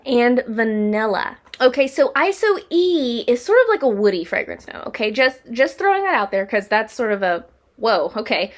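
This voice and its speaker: Chatty young woman reviewing perfume. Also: on the high side. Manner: chatty, rambling, full of "like" and restarts. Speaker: perfume reviewer, channel host. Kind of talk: casual product review vlog.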